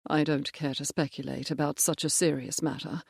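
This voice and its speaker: A narrator voicing a stern male cavalry major who speaks in a measured, firm way in an audiobook. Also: a little high, flat delivery, vocal fry, slightly rough, no echo, clean studio sound. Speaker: character in an audiobook. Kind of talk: audiobook character voice.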